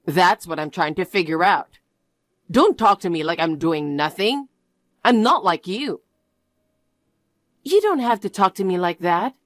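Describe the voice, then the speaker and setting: A woman's voice: fairly low pitch, lively intonation, measured pace, pauses often, no room sound. Storybook read: woman playing a defensive jobless young man, dry close mic. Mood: annoyed. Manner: defensive and demanding. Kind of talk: storybook narration.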